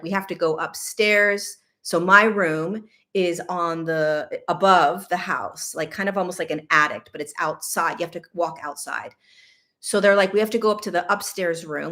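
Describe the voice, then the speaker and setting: Woman host, middle-aged, animated and candid storytelling, chatty asides. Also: lowish voice. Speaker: podcast host. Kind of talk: personal storytelling.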